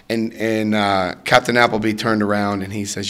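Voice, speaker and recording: A man in his fifties telling a personal recovery story to an audience, acting out quotes with sudden jumps in pitch and loudness. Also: steady tone, moderate pace, hardly any pauses. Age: 50s. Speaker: recovery speaker.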